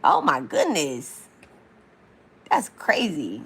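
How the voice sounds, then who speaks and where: A Detroit woman with a Detroit accent hosts a casual live stream as a spiritual reader, reading viewers' comments aloud and answering them in a blunt, profane way. Her voice sits fairly low, with lively intonation at a normal speed and a bright, forceful tone.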